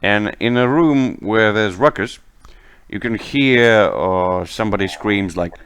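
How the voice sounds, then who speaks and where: A man running a tabletop game as game master, narrating the scene in an unhurried way. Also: lowish voice, smooth. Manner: unhurried, lively narration with laughs.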